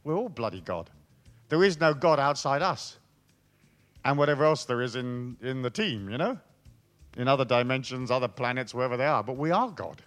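A man's voice: medium pitch, lively intonation, normal speed, fairly bright tone, soft background music. A middle-aged man, a spiritual speaker joking with a live audience in a profane, storytelling way. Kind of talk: irreverent talk to a live audience.

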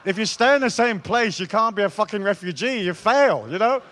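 A man's voice: high-pitched, expressive, a little fast, fairly bright tone, slight background noise. A middle-aged man, a spiritual speaker joking with a live audience in a profane, storytelling way. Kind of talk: irreverent talk to a live audience.

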